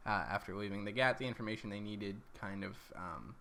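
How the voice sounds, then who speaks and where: A man's voice: fairly low pitch, brisk, vocal fry, fairly bright tone, slight background noise. A man recapping his tabletop campaign as dungeon master, rambling along with lots of ums and corrections.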